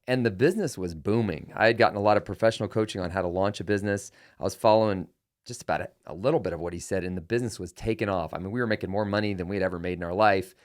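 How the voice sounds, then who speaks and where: A man's voice: on the low side, racing. A middle-aged man hosting a podcast, telling a personal story and acting out quoted dialogue. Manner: animated, acts out quoted dialogue. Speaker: podcast host. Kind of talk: conversational storytelling.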